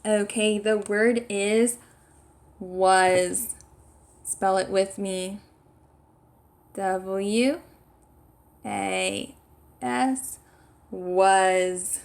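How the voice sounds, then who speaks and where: A kindergarten teacher with a mid-range voice gives a slow, clear sight-word lesson to young children, spelling each word letter by letter and encouraging them. Her intonation is fairly even, her words are drawn out with vocal fry, and she pauses often.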